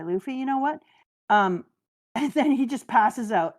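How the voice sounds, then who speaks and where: A woman's voice: medium pitch, expressive, normal speed, a little mellow. A woman hosting a casual chat, gushing and joking her way through an anime recap. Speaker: host.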